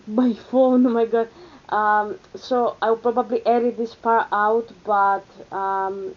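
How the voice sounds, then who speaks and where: A woman's voice: medium pitch, muffled recording. A young woman with an Athenian Greek accent, chatting casually in a vlog with many fillers and restarts. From Greece. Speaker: vlogger. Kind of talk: rambling casual vlog chat.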